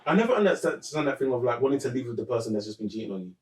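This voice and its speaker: A man's voice: mid-range voice, very animated, very fast, recorded from a distance. A man co-hosting a casual podcast. He introduces each topic with a teasing build-up. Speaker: podcast co-host. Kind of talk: casual chat. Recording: roomy sound, away from the mic.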